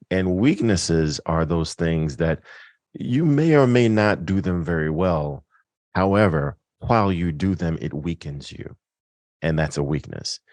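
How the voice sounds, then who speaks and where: Deep-voiced man hosting a podcast. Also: a little mellow, no room sound. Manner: storytelling, thoughtful, self-deprecating. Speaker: podcast host. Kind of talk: casual interview chat.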